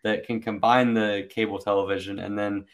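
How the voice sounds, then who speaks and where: A man talking casually and in a measured way about college sports media. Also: fairly low pitch, flat delivery.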